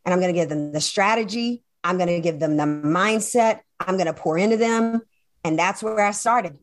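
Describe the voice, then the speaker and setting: A woman being interviewed, telling her personal story in an animated, emphatic way, often turning to the listener and acting out what people said. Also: fairly low pitch, normal speed, faint music behind. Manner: animated and emphatic, acts out quoted dialogue, many fillers and asides to the listener. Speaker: interview guest, speaker and coach. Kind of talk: personal story told in conversation.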